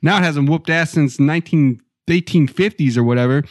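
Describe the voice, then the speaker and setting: A young man from Idaho co-hosting a podcast, riffing crude, absurd jokes in an animated, giggly way. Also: a little high, brisk, dry recording. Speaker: podcast co-host. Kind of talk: profane comedic riffing on word prompts.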